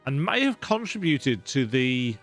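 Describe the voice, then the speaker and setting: A man's voice: medium pitch, very animated, a little slow, faint music behind. Wry man commenting on a game. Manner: wry, joking asides. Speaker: let's play host. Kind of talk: casual gameplay commentary.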